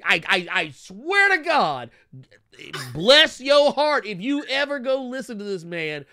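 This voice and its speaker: A man co-hosting a podcast, riffing in profane, animated casual commentary. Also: very high-pitched, measured pace. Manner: animated, swearing, laughing, mocking voices. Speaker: podcast co-host.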